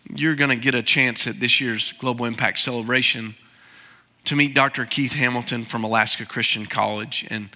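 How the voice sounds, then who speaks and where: Pushed and bright at a medium pitch, this pastor's voice pleads earnestly through a sermon. He's in a large church sanctuary, and the sound reverberates accordingly.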